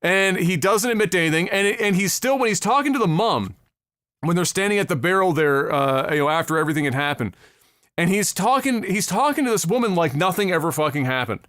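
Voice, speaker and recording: A man's voice: high-pitched, expressive, brisk, a bit bright, dry recording, studio quality. A man co-hosting a podcast in casual chat, blunt and profane, making emphatic points. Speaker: podcast co-host.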